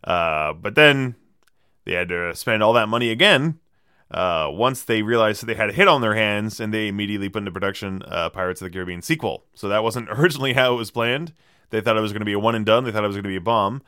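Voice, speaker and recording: Low-ish guy with a bright crisp voice doing a chill movie podcast, sarcastic trivia, dry close mic. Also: fast, dry recording. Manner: wry, sardonic storytelling with lots of fillers. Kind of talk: casual movie podcast chat.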